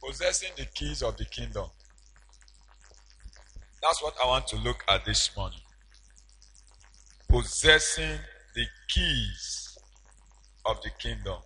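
A man preaching a sermon as pastor, slow and emphatic, with sudden shouted peaks. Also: medium pitch, animated, husky, low-quality recording.

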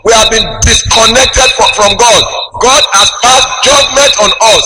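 A man preaching a sermon, slow and emphatic, with big swings in pitch as he tells a story. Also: loud music behind the voice. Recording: noisy background with clicks.

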